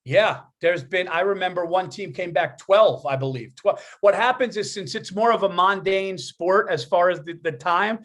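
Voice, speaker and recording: A man co-hosting a podcast, talking in an excitable, profane way and laughing mid-sentence. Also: sits high, normal speed, few pauses. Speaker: podcast co-host. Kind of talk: casual chat.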